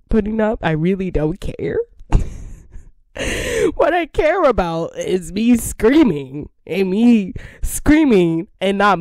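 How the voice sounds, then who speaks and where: A woman's voice: fairly low pitch, dark tone, dry recording, clean studio sound. A woman gaming creator chatting casually to her viewers, rambling, giggly and repeating herself.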